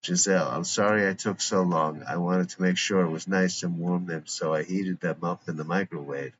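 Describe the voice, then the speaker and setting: A man's voice: low voice, steady tone, normal speed, close to an everyday voice. A man reading a fussy, kind mother. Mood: fussing. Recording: dull lo-fi recording with faint hiss.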